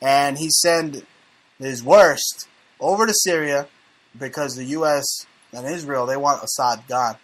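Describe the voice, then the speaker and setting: A man's voice: mid-range voice, measured pace. Brash, profane talk-show host man. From United States. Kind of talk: casual conspiracy talk show.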